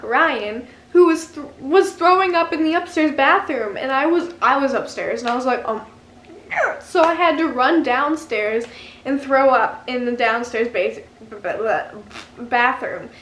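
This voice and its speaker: A high-voiced young woman talks slowly and giggles her way through a casual vlog story. The room sounds echoey, with a faint hiss under her voice. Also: a bit bright. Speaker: vlogger.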